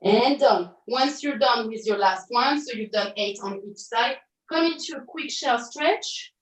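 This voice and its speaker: A woman with a high voice teaches an online pilates class, cueing each move and counting reps brightly. She corrects herself with quick asides as she goes. Her voice sounds roomy and comes from a little way off the mic. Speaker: pilates instructor. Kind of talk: online fitness class instruction. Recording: roomy audio from a distance.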